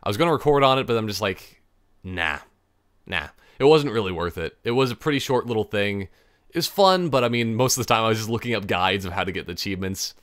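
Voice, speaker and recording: A man's voice: fairly low pitch, animated, fast, fairly bright tone, no echo, studio quality. Young man rambling on a solo podcast. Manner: rambling, self-interrupting, laughs at own jokes. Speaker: podcast host. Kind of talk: casual solo podcast chat.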